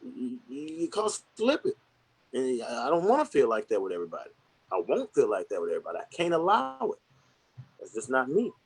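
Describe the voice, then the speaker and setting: A man's voice: mid-range voice, huge pitch swings, fast, slightly rough. Earnest man talking candidly. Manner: earnest, candid, rambling with restarts and slang. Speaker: podcast guest. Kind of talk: casual conversation.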